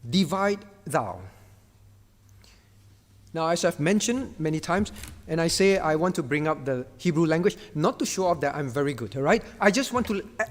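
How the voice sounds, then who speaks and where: A man's voice: high-pitched, in a large hall. A man preaching a sermon as pastor, emphatic and repetitive, stressing key words and acting out divine commands in a firm voice. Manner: acts out God's words in a firm voice. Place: church.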